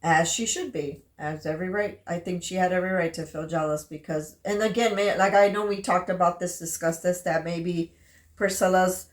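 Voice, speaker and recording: A frank, emphatic woman co-hosting a casual book chat. Her voice sits a little low, and the room around her sounds roomy and echoey. She keeps jumping in over her co-host. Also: steady tone, moderate pace. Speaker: podcast co-host; mother. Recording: roomy echo.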